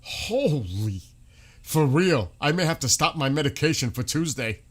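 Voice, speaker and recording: A man's voice: a little high, a little fast. A man reacting to news on a live stream, exclaiming in disbelief and swearing now and then.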